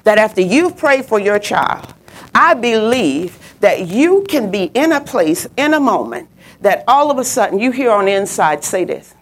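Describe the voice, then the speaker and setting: Animated woman preaching. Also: normal speed, slightly rough. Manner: animated, swoops high for quoted voices. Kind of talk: sermon with personal story.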